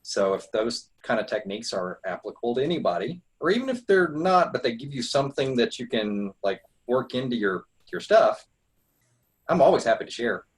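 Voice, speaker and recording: A man's voice: medium pitch, animated, brisk, slightly rough. A man, a larp player, chatting eagerly on a group call and laughing often. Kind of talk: casual video call chat.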